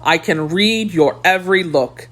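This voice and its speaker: In an audiobook, a woman voices a proud, manipulative noblewoman with a scheming mood. Her fairly low voice moves at a measured pace, coaxing, calculating, and softly haughty.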